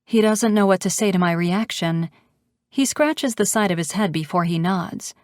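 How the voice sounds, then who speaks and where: A woman's voice: mid-range voice, moderate pace, a little mellow, no room sound, studio quality. Woman narrating a romance audiobook.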